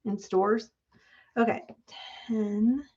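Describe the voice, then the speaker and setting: This woman speaks at a very slow pace in a mid-range voice, with a steady, darkish tone. She hosts a casual craft-along livestream, chatting with viewers and thinking aloud while she measures and cuts. The home stream sounds dull and lo-fi, with clear background noise.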